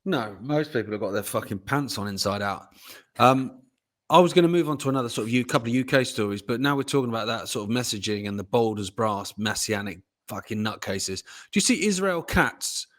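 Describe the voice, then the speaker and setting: A man's voice: mid-range voice, expressive, a little fast, fairly bright tone. A man co-hosting a podcast, blunt and mocking, who swears in casual chat. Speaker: podcast co-host.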